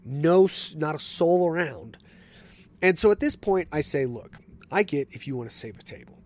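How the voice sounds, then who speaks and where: A man's voice: on the high side, lively intonation, moderate pace, a little mellow. A man hosting a casual solo podcast, telling stories in a chatty, conversational way. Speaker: podcast host.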